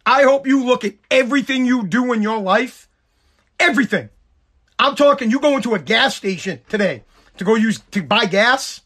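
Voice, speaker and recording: Podcast host, male, high-pitched voice worn hoarse, heated profane rant. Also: lively intonation, normal speed, fairly bright tone. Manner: heated, profane, repetitive ranting. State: hoarse, voice nearly gone. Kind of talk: ranting podcast monologue.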